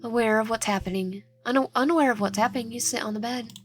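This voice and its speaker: A woman's voice: fairly high pitch, quick pace, faint music behind. A woman reading a dating game's narration aloud with casual asides, often stumbling and correcting herself. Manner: stumbling, frequent self-corrections.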